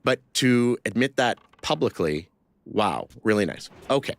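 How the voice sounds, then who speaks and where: A man telling a personal story in conversation, halting with many fillers and restarts. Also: fairly low pitch, animated, no room sound. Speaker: interview guest.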